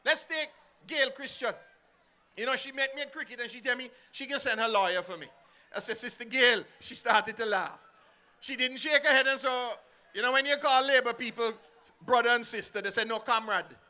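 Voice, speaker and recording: Bright high-voiced Antiguan politician at a rally. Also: male voice, normal speed. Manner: rousing, rhetorical questions to the crowd. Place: outdoor rally.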